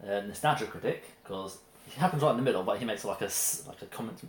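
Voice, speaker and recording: A man's voice: on the low side, lively intonation, fast talker. A man co-hosting a casual mealtime chat, often stopping and restarting his phrases. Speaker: co-host. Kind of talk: casual chat over a meal. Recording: roomy echo with faint noise.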